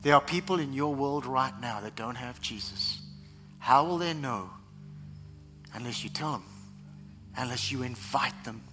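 A man pastor preaching a sermon, animated, sometimes mimicking other voices. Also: mid-range voice, moderate pace, pauses often, soft background music.

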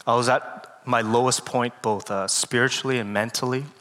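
A man giving a guest sermon, telling a personal story in an earnest, halting way with many fillers, close to tears. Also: medium pitch, steady tone. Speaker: guest speaker. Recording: long hall reverb with loud music.

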